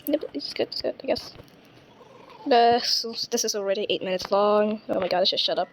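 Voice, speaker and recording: A woman's voice: mid-range voice, brisk, a little hiss or hum, poor audio. A woman playing a game and chatting to herself, jumpy and squealing when scared. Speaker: gamer playing a horror game. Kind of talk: casual gameplay commentary.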